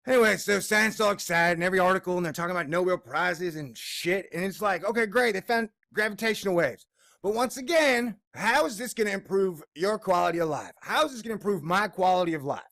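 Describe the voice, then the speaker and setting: A man's voice: sits high, lively intonation, fast, vocal fry, hardly any pauses, a bit bright, dry recording, studio quality. An American man in a bad mood and in pain, giving a profane, sarcastic editorial rant and mocking others in put-on voices. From United States. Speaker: video blogger.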